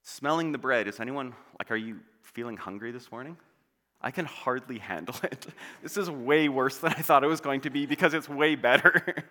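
A man's voice: mid-range voice, moderate pace, sharp tone. A male pastor preaching a sermon in a church, playful and joking as he tells stories. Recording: long church hall reverb.

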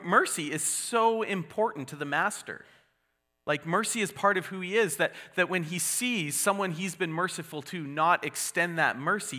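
A man's voice: on the high side, pushed and bright, big-room sound. A man preaching a sermon as a pastor, conversational and earnest, with restarts and asides.

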